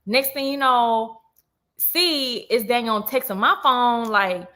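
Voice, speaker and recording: A woman in her twenties hosting a livestream, telling a personal story in a casual, animated way, full of slang and asides to her viewers. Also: on the high side, takes it slowly. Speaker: livestream host.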